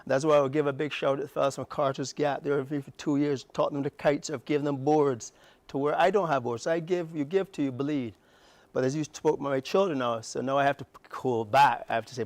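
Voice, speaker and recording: A middle-aged Barbadian man speaks in a morning TV studio, passionate and emphatic, his voice jumping up in bursts. His voice sits fairly high for a man. The sound is close and dry. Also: no room sound. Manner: passionate, emphatic, fast bursts with rising outbursts. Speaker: guest. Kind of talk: morning TV interview.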